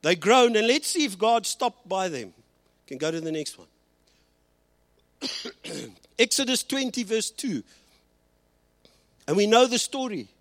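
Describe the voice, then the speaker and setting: Male pastor, bilingual sermon delivery, high expressive voice, dry close recording. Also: dry recording. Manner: switches between Afrikaans and English, slows and rises for emphasis.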